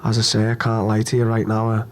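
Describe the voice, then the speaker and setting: A young man with a lowish, monotone voice fields questions at a post-fight press conference, and a faint hiss or hum sits under the audio. Upset and hurt after his loss, he answers bluntly, stumbles over his words, restarts haltingly, repeats himself and swears.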